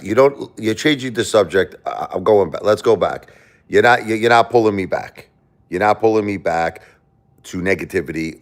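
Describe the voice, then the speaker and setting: Low-voiced man arguing with his chat. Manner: defensive, argumentative, repeats himself. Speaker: livestream host. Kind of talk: livestream talk to chat.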